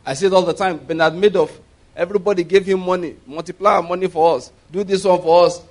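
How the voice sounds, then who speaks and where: Male preacher, slightly high voice, conversational sermon with call-and-response. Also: fairly even intonation, quick pace, darkish tone.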